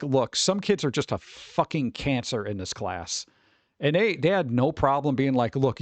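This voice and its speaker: A man's voice: mid-range voice, dry recording. A young adult man, hosting a stream, rants in a casual, profane chat and acts out the voices he quotes. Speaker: streamer host.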